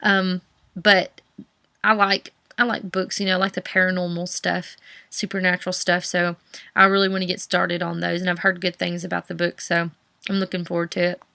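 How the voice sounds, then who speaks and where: Gravelly-voiced woman chatting about books. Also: lowish voice, level tone, moderate pace, bright, forceful tone, no room sound. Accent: Southern US. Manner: rambling, many fillers and restarts. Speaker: book vlogger. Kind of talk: casual chat.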